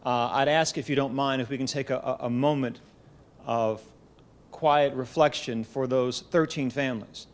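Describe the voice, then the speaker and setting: A middle-aged man giving a formal keynote speech at a college event, speaking in a measured storytelling way with touches of gentle humor, into a podium microphone. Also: medium pitch, fairly even intonation.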